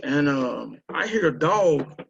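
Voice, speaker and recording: A man from Houston, telling a story and urging listeners on a group call, with animated, repetitive exhortation. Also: fairly high pitch, slow, gravelly, background noise. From Houston, Texas. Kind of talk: motivational storytelling. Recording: muffled lo-fi call audio.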